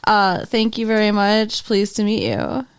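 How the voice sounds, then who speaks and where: A woman co-hosting a podcast in casual chat, wry and quick to laugh. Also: medium pitch, fairly even intonation, smooth. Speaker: podcast co-host.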